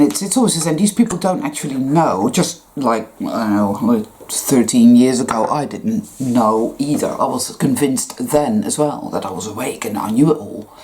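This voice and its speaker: A woman's voice: rumbling low, darkish tone. A woman giving a casual monologue as a spiritual vlogger, blunt, profane and sarcastic.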